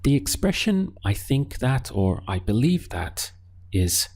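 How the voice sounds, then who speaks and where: A man teaching a Spanish lesson, giving patient prompts and leaving pauses for the learner to answer. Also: medium pitch, very animated, creaky, a little mellow. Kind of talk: language lesson.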